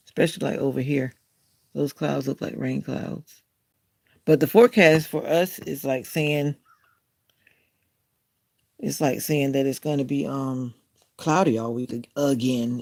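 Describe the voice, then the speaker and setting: Very gravelly man rambling on a livestream. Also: mid-range voice, a little mellow. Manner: rambling, chatty, often correcting himself mid-sentence. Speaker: live stream host and content creator. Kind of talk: casual live stream chat. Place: at home in the morning, near a window with bird feeders.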